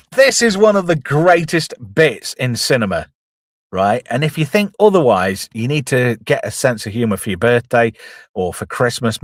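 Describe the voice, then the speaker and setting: Here a channel host who reviews films gives a relaxed, scene-by-scene retelling of a comedy, peppered with jokes at his own expense. His voice sits in the mid range, and the studio-quality recording carries no echo.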